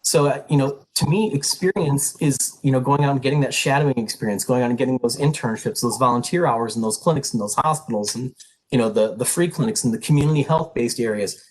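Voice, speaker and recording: A man's voice: medium pitch, quick pace, poor audio. A middle-aged man advising prospective pre-health students, talking in an earnest, emphatic and direct way. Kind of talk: info session talk to prospective students.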